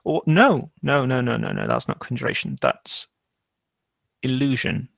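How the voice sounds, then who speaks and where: Game master, male, slow and gravelly, dry close sound, unhurried narration. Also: medium pitch, wildly swooping pitch, fairly bright tone, no room sound. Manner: unhurried, searching for words.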